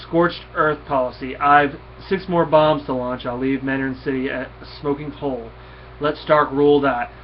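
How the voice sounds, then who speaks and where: A man's voice: medium pitch, steady tone, normal speed, slight background noise, close to an everyday voice. A man reading out the lines of a vengeful male villain lord in terse commands, on a dull lo-fi recording. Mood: threatening.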